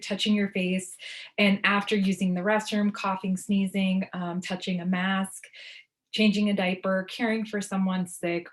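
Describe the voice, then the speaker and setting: A woman presenting an online workshop in a relaxed, informal way, with frequent ums. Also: mid-range voice.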